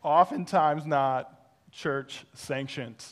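A male pastor preaching through a personal story, animated and self-deprecating, acting out the voices he quotes. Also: on the high side, extremely slow. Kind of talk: sermon storytelling.

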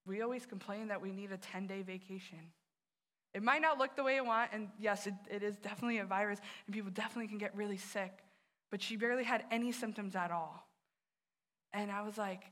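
A woman's voice: mid-range voice, steady tone, fast, a bit bright. A woman youth director giving an earnest sermon, telling personal stories and speaking straight to the listeners.

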